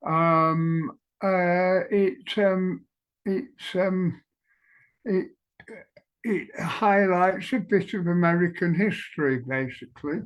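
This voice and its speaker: A man on a video call giving a halting, thoughtful introduction to the piece he is about to perform. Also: high voice.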